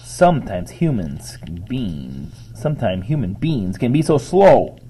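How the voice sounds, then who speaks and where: A man's voice: medium pitch, huge pitch swings, measured pace, dark tone, a little hiss or hum. A man reading a children's book aloud, voicing a smug, condescending male house cat. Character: sly know-it-all male house cat.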